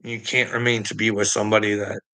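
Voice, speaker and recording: Man with a gravelly, tense voice, telling a story to a friend off the cuff; swears constantly, breaks into laughter. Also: fairly low pitch, level tone, fast talker, bright, forceful tone. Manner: profane, rambling, laughs often mid-sentence. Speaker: vlogger. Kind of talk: casual monologue to a friend.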